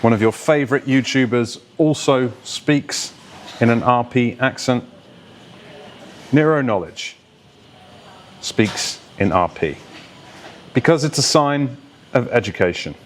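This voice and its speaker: A man's voice: mid-range voice, slow pace, pauses often, slight background noise. A man working as a voice coach, explaining accents and diction in an instructive way and now and then mimicking accents to make a point.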